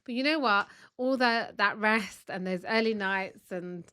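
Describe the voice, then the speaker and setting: A woman co-hosting a podcast from home, telling stories in a chatty, animated way. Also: medium pitch, a little slow, smooth, dry recording, clean studio sound. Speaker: podcast co-host. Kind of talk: casual chat. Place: family home.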